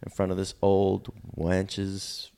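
A man co-hosting a podcast, spinning an absurd, escalating revenge story in a deadpan way. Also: low voice, slow, creaky, slight background noise. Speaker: podcast co-host. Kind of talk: casual chat, comic storytelling.

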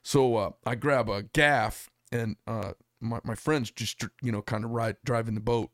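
Male podcast host from Arizona, mid-pitched, rambling storyteller, dry close mic. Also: steady tone, unhurried, no room sound. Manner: rambling, filler-heavy storyteller. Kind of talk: casual storytelling chat. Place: studio.

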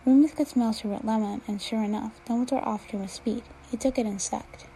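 A woman reading fan fiction aloud at an unhurried pace, dropping to a whisper now and then. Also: a little high, fairly even intonation, dark tone, slight background noise, low-quality recording. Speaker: reader.

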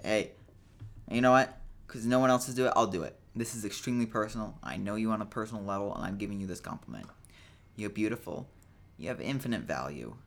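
A man's voice: deep voice, creaky, fairly bright tone. Rambling, jokey young man podcasting. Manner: rambling, jokey, self-deprecating; tired. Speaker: podcast host. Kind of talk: casual solo podcast monologue.

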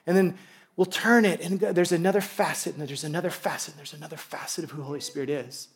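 A man preaching a sermon to a congregation, animated and excitable, dropping from loud bursts to hushed tones. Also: on the high side, fast talker. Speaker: pastor.

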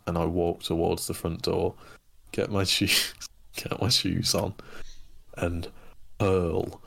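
A man's voice: low-pitched, flat delivery, slow pace, gravelly, fairly bright tone, slightly rough. A man telling a childhood story in casual chat, with laughter breaking in.

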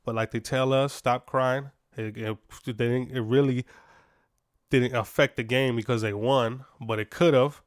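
A man's voice: medium pitch, fairly even intonation, unhurried, no echo, clean studio sound. A man hosting a sports podcast, giving casual, opinionated takes with lots of fillers and restarts.

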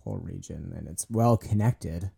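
A man co-hosting a casual podcast, telling animated stories full of "like" and acting out quoted voices. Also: deep voice, moderate pace, vocal fry, husky. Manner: animated storyteller, heavy on "like"; acts out quoted voices and laughs often. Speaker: podcast co-host.

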